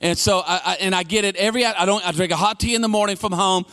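A middle-aged man preaching a sermon in a fairly high voice. He tells his stories with plenty of animation, and he raises his voice to a shout to drive a point home. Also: fast, clean tone. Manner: animated storytelling, shouts for emphasis. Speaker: pastor.

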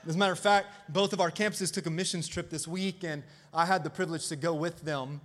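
A man preaching a lively sermon as pastor, calling out to the congregation for responses. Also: high voice, fast talker, few pauses, a little hiss or hum. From Florida. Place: church sanctuary.

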